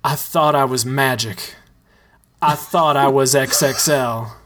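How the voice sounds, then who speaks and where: A reader voicing Mike, a dejected male dancer who talks in a glum, self-pitying way, slow. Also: medium pitch, fairly bright tone, slight background noise.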